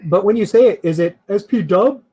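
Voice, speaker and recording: High-voiced man chatting and laughing. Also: animated, a little fast, warm tone, breathy edge, poor audio. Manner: laughs often, hedging and rambling. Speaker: podcast co-host. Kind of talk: casual chat.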